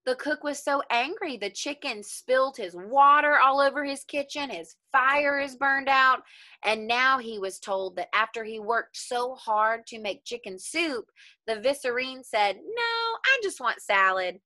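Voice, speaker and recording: A woman teacher reading a folktale aloud to young children, pausing to ask them questions about the story. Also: sits high, dry recording. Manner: expressive, questioning the listeners.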